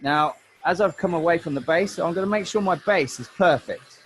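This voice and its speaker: Brief: male hair educator, matey and chatty, fairly high-pitched, talks while he cuts. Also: moderate pace, a little hiss or hum, rough recording. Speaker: hairdressing educator. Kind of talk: live online hair cutting demo.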